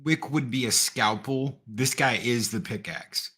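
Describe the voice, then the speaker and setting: A man's voice: mid-range voice, a little slow, bright, forceful tone, breathy edge. A man co-hosting a casual movie review chat, enthusiastic and acting out scenes as he talks. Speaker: podcast co-host.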